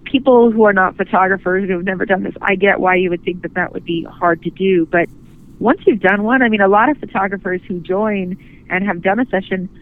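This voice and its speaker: A woman guest, a photographer, speaking earnestly and gently in a phone interview, often restarting her sentences. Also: mid-range voice, brisk. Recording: tinny phone line.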